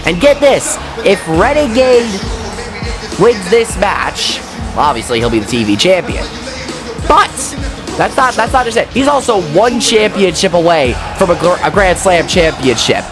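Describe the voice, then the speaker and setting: A man giving casual, excitable wrestling commentary, chatty and quick to swear. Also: sits high, over music.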